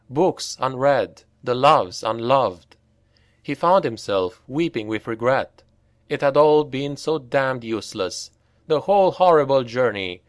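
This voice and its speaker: A man narrating a dark fantasy audiobook in a grave, unhurried storytelling voice, on a close mic. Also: medium pitch, dry recording. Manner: unhurried, grave storytelling that lifts for shouted dialogue.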